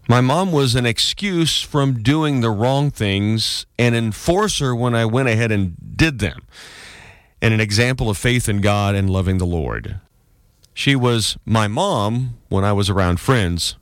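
A man reads a heartfelt tribute on the radio in a measured, even delivery. His voice is low and recorded dry and close. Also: no echo. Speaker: radio commentator.

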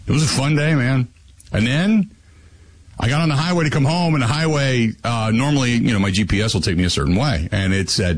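A man hosting a casual sports talk radio show, telling stories in an animated, joking way. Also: mid-range voice, normal speed. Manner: animated storytelling, lively and joking.

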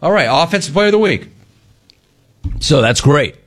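A man's voice: on the high side, animated, moderate pace. A middle-aged man hosting a sports talk radio show, riffing sarcastically on callers and the news.

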